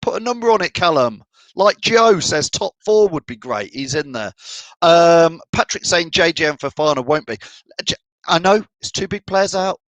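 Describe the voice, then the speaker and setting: A man's voice: a little high, animated, normal speed, fairly bright tone, no echo, poor audio. A middle-aged man from the of England hosting a fan live stream, chatting and reading out viewer comments. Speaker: fan channel host.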